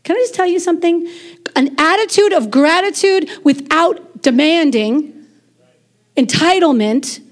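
Woman preacher, 40s, high voice, animated sermon delivery with chatty asides. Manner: animated, conversational preaching with quick asides and laughs. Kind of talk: lively sermon.

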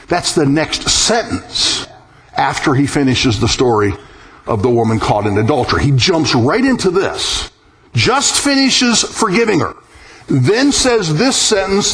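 Male pastor, fairly high voice, preaching with lively emphasis and an occasional chuckle. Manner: animated, emphatic preaching with wide pitch swings. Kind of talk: sermon.

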